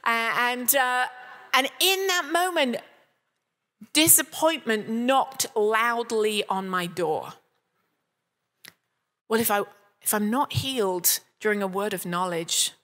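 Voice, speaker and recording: Woman preaching, higher voice, hall reverb. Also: a bit bright. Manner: candid, humorous storytelling with acted-out quotes. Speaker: speaker at a church service. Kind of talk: sermon. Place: church hall. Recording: long reverb of a church hall.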